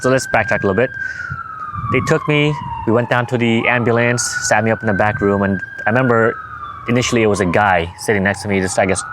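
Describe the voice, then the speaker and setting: Rambling low-voiced man telling a story. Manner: rambling, self-correcting, quotes himself and others. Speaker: physical therapist. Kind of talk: casual storytelling to camera. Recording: noticeable background noise.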